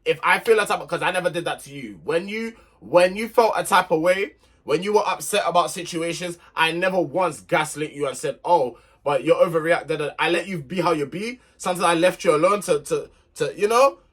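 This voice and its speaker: A man's voice: fairly high pitch, brisk, fairly bright tone. A young man telling a relationship story to camera in an emphatic, irritated rant, repeating himself to make his point. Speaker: vlogger.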